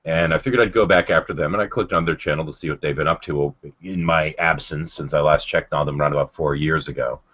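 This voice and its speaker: A man's voice: a bass voice, fast talker, few pauses, breathy edge. A man hosting a casual livestream chat, rambling and sardonic, with lots of ums and restarts. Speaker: livestream host. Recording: dull lo-fi stream audio.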